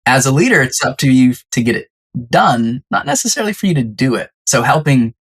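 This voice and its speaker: A podcast guest telling a story in a lively, conversational way and acting out the quoted lines. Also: mid-range voice, fairly quick, husky. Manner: animated storyteller who acts out quoted lines.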